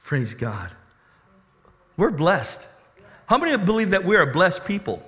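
A man preaching a sermon as a pastor, animated and questioning the congregation. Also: high-pitched, normal speed. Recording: reverberant hall.

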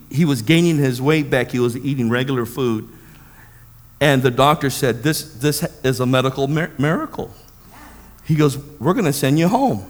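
Male preacher, high pitch, animated storyteller, reverberant hall. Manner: animated storytelling, acts out voices. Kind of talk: sermon testimony.

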